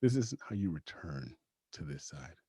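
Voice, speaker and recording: A man with a husky voice, a podcast guest telling a personal story casually, laughing often and acting out the lines of the people in it. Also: extremely low pitch, sing-song, normal speed, dark tone, no room sound. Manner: acts out quoted dialogue.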